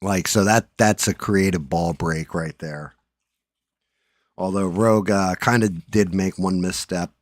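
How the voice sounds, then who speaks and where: Middle-aged male streamer, deep voice, loose profane banter, dead-dry sound. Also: steady tone, unhurried, no room sound. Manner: profane, rambling, joking. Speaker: livestream host. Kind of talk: casual live-stream chat.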